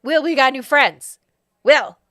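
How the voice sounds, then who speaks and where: A woman voicing an excitable boy who keeps calling out the same name, loud and insistent. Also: sits high, a little slow, dry recording, clean studio sound, voice pushed up. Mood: excited. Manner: loud, repeating a name over and over. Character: excitable boy from a gang of kids.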